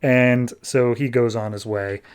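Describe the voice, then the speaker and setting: A man's voice: medium pitch, steady tone, a little slow, smooth. A man hosting a podcast, recapping a comic issue in a casual, chatty, wry way. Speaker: podcast host.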